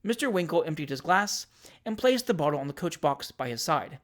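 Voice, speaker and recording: Podcast reader narrating an old classic novel, measured and wry, steady scripted reading. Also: medium pitch. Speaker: audiobook narrator.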